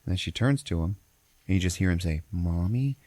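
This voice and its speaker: A man's voice: low voice, fast talker, darkish tone, no room sound. A man hosting a podcast, casually recapping a movie in a profane, rambling way. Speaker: podcast host.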